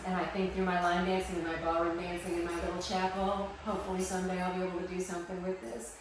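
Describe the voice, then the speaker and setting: A woman giving an emotional personal testimony, talking in a soft, halting way with many pauses and restarts in her small wooden chapel. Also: lowish voice, little pitch movement, noisy background. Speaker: interviewee. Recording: echoey room from some distance.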